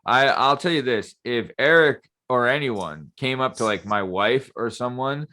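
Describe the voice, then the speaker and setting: A man's voice: mid-range voice, a little slow. A man hosting a podcast, chatting casually with his friends and joking with a lot of swearing. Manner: joking, profane, animated. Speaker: podcast host. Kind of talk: casual chat.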